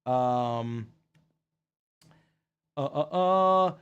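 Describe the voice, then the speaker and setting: A man hosting a livestream Q&A, reading chat comments aloud in a high put-on character voice, excitable and casually swearing. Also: brisk, noisy background. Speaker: host.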